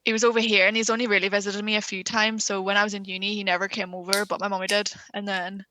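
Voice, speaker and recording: Bright-voiced Northern Irish young woman. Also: mid-range voice, little pitch movement, fast talker, a little hiss or hum. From Northern Ireland. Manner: blunt, sweary storytelling. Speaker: podcast co-host. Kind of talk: casual chat.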